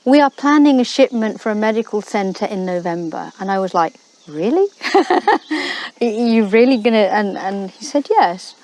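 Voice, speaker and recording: A middle-aged woman from the United Kingdom, a missionary guest telling her story in an animated way, laughing often. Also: mid-range voice, normal speed. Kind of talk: storytelling in a faith talk show.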